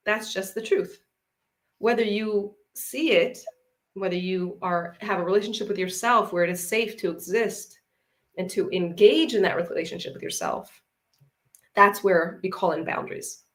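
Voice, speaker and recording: A woman's voice: mid-range voice, moderate pace. A woman psychologist and parenting coach talking earnestly on a video call, often repeating short affirming phrases. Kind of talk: conversational discussion.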